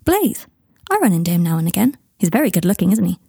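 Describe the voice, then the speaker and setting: A woman voicing an awkward, earnest young man who talks in a hesitant, hushed way in a storybook reading. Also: on the low side, lively intonation, racing, gravelly, breathy edge, no room sound, studio quality, exaggerated voice.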